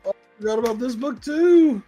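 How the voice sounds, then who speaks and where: A man's voice: extremely high pitch, lively intonation, moderate pace, mellow, soft background music. A man co-hosting a casual comic book review show, teasing his partner and laughing easily. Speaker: podcast co-host.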